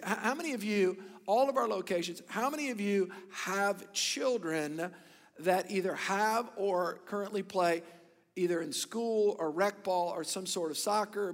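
High-voiced animated preaching man. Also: creaky, big-room sound. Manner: animated storytelling, swings between loud emphasis and hushed whispers. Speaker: pastor. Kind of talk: sermon.

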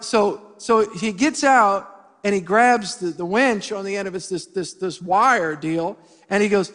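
A middle-aged male pastor preaching a sermon, telling a funny story with lively asides to the congregation. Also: high-pitched, normal speed. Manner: animated, humorous storytelling with voiced asides to the congregation. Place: church sanctuary. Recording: church hall with long reverb.

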